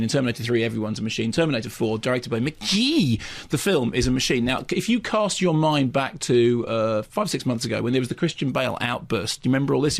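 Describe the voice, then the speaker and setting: A man, a film critic riffing wryly on a radio review show, with quick stammered restarts. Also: medium pitch, vocal fry. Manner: rapid, wry, tangent-prone with stammered restarts.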